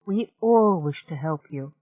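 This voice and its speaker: A woman voicing a gentle young man who speaks in a mellow, soothing, sincere way. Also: deep voice, lively intonation, phone-quality sound. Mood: sympathetic. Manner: soothing, slow.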